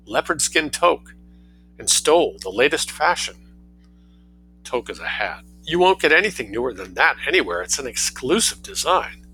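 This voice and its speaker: A man's voice: mid-range voice, sing-song, normal speed, sharp tone, soft background music, poor audio. A man reading a story aloud, voicing a shop assistant who praises a doll in a salesy, fashion-proud way. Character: smooth shop assistant selling dolls.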